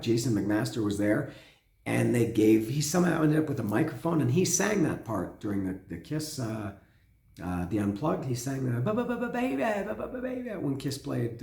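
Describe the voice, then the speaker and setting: A man hosting a casual spoken album review, his voice hoarse and cracking, rambling with restarts and humming along. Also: medium pitch, a little mellow. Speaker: host. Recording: echoey room.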